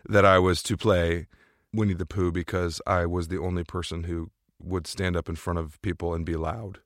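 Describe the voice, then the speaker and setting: A man's voice: deep voice, flat delivery, normal speed, dry recording. A middle-aged American man from St. Louis, chatting as a podcast guest with dry, wry jokes. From St. Louis, Missouri, USA. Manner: dry, joking, wry asides. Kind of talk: casual interview chat.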